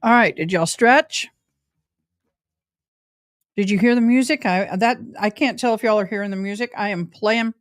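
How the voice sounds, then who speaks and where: A woman's voice: mid-range voice, normal speed, pauses often, no room sound, studio quality. A middle-aged woman, chatting casually and personally to her livestream viewers. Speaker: livestream host.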